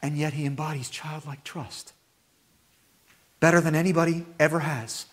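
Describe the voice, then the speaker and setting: A man preaching a sermon as pastor, with animated delivery that climbs to high, emphatic peaks. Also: normal speed.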